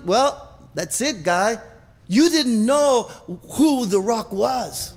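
A man preaches in a high, gravelly voice. He is emphatic and repetitive, stumbling over restarts. His words ring with the long reverb of a church hall. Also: lively intonation, slow pace. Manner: emphatic, repetitive, with many restarts and stammered repeats. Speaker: pastor. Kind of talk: sermon.

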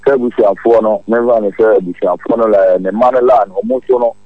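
A man calling in to a radio show, speaking haltingly and restarting often. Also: lowish voice, steady tone, dry recording. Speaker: caller. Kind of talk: phone-in chat. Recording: dull lo-fi phone line.

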